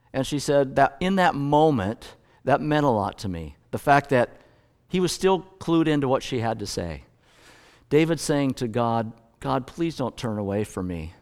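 A middle-aged man preaches a sermon in an easy, conversational way, telling stories and reading scripture at a mid-range pitch. His voice rings through a large hall with a long reverb tail. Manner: conversational, storytelling preacher with self-corrections. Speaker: pastor.

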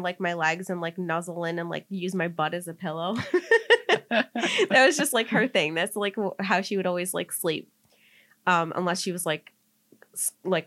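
A woman's voice: lowish voice, fairly bright tone. Young woman telling a story, full of fillers. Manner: heavy use of "like" as filler, emotional and tearful. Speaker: podcast co-host. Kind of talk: casual storytelling chat.

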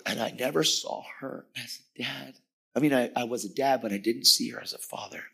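A middle-aged man preaching a testimony sermon, animated, acting out dialogue and dropping at times to a whisper. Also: medium pitch, fairly quick, creaky, slightly rough. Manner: animated storytelling, acts out dialogue, drops to whispers.

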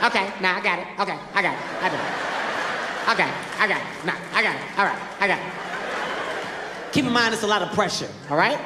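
A man doing stand-up storytelling, animated, acting out voices and shouting punchlines. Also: high voice, racing. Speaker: stand-up comedian. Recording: echoey live hall, faint noise.

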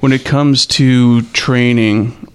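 A man's voice: medium pitch, steady tone, slow pace, clear, resonant tone. A male podcast host asking plain questions and giving short reactions in a conversational interview.

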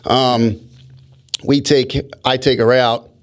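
A man spins a loose, animated story in casual conversation. His voice sits in an ordinary middle pitch, and he doubles back and restarts his sentences as he goes. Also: slow pace. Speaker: podcast co-host telling stories.

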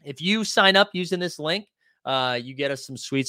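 A man's voice: mid-range voice, brisk, sharp tone, dry recording, studio quality. A man hosting a casual livestream, reading out viewer comments in a loose, rambling way full of fillers and restarts. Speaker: livestream host.

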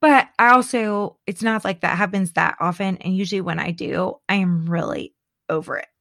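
A middle-aged woman talking in a casual chat as co-host, animated and chatty, laughing often and restarting her sentences. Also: medium pitch, moderate pace, creaky, no echo, studio quality. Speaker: podcast co-host.

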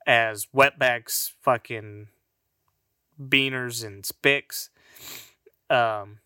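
Slow-talking profane man, bright dry voice. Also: mid-range voice, clean tone, no room sound. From Mexican heritage. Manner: rambling, profane, laughs at own jokes. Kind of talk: casual profane monologue.

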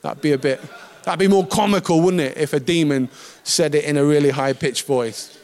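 A man preaching a sermon in a conversational, lively way, with asides and touches of humor. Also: on the high side, moderate pace.

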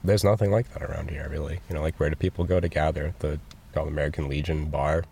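A young man working as a store cashier, talking candidly and haltingly in an interview, earnest and sometimes emotional. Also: very deep voice, fairly even intonation, creaky, darkish tone, slight background noise.

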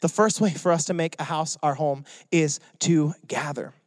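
A man's voice: a little high, normal speed, dry recording. A young adult man preaching a sermon in a joking, conversational way. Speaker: pastor.

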